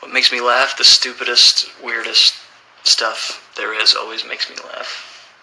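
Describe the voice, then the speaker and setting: Reading out fan questions one by one, a relaxed man in his thirties answers each plainly during a livestream. He speaks a little slowly in a mid-range voice, over poor audio.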